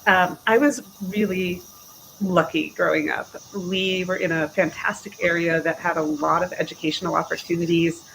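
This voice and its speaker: A woman in her forties from the Chicago area, a podcast guest telling stories about her life in a lively, chatty way. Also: on the low side, moderate pace, gravelly, a little hiss or hum, low-quality recording. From Chicago area, USA. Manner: lively storyteller who acts out quoted dialogue. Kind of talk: casual interview chat.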